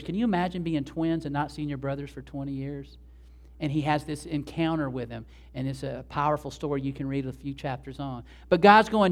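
Conversational pastor preaching. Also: male voice, a little high. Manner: conversational, animated, talks directly to the congregation. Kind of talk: sermon.

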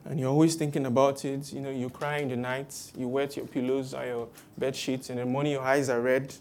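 A woman preaching a sermon, lively and acting out the voices of people she quotes. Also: a bass voice, a little fast, a little hiss or hum. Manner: animated, acts out quoted voices with exclamations.

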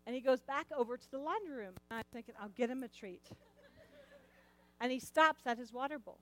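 A middle-aged woman telling a personal story in a sermon, animated and repeating words as she acts out lines. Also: high voice, fairly quick, poor audio.

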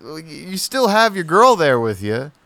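A man's voice: a little high, big pitch swings, unhurried, gravelly, bright, forceful tone, dry recording. An American man co-hosting a podcast in loose, joking casual chat, swearing freely. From United States. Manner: loose, joking, swearing, half-rapping at times. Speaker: podcast co-host.

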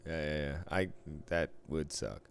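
Man, low voice, swears a lot, relaxed wisecracking chat. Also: unhurried, creaky, slight background noise. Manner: profane, wisecracking banter. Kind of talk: casual chat.

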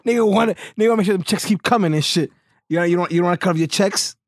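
A man's voice: high-pitched, rapid-fire, dry recording, clean studio sound. A man co-hosting a casual talk show, teasing his partner in crude slang. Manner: teasing, laughs often.

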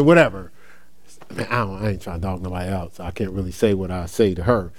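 A fairly low-pitched man talks quickly. Middle-aged and from New Jersey, he preaches a sermon built on personal stories, keeping it laid-back, laughing frequently and calling the congregation y'all.

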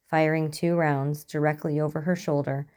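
A woman narrating a story in an even, measured way. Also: low-pitched.

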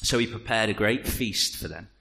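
A man's voice: fairly low pitch, moderate pace, gravelly, sharp tone, in a large hall. A man preaching a sermon and reading scripture aloud, with jokey asides to the congregation. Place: church hall.

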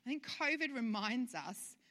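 A woman's voice: on the high side, expressive, normal speed, a bit bright, big-room sound. A woman pastor giving a conversational sermon full of rhetorical questions.

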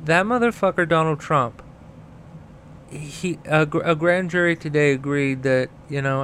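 A man's voice: a little high, unhurried, a bit bright, slight background noise. A man hosting a podcast, delivering an angry, profane political rant, with a stutter that makes him repeat sounds and words. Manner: profane and heated, repeats words while getting started. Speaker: podcast host.

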